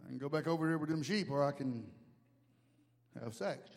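A man's voice: on the high side, normal speed, in a large hall, voice pushed down, close to an everyday voice. A man preaching voices a young shepherd who muses aloud over his choices. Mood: musing. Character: shepherd boy weighing temptations, musing.

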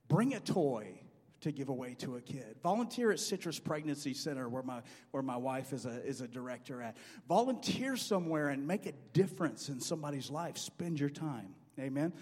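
A middle-aged man preaching a sermon in a church, animated and acting out quoted dialogue in a loud voice. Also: a little high. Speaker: pastor. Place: church sanctuary. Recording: long hall reverb.

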